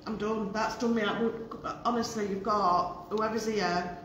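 An excited woman chats breathlessly about a ghost hunt, repeating herself between laughs. Her voice rings around a big echoey hall, with steady noise behind. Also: medium pitch, moderate pace. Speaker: ghost hunter. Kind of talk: excited casual chat. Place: old chapel building at night. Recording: echoey hall, noisy background.

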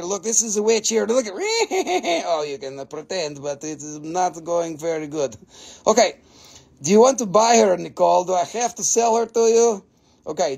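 A man hosts a casual live crystal sale, cracking jokes, swearing freely and haggling over prices. His voice sits high for a man, with a gravelly, creaky edge. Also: darkish tone. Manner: joking, profane, haggling. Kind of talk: casual live sales stream.

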